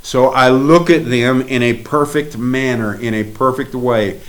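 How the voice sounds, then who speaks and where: A man preaching a sermon, earnest, dropping to a soft confiding voice and then rising into emphatic lines. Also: medium pitch, steady tone, unhurried.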